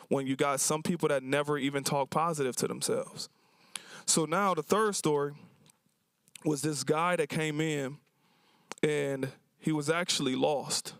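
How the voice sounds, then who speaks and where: A man's voice: a little high, unhurried, fairly bright tone, smooth, dry recording. A man who runs a cafe, speaking at a symposium and telling stories about his customers in a casual, colloquial way, acting out their lines. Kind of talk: storytelling talk to an audience. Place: university symposium event.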